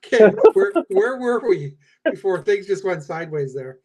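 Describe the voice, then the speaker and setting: A man co-hosting a paranormal podcast in casual chat over a video call, expressive and easily amused. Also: sits high, moderate pace. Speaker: paranormal investigator co-host.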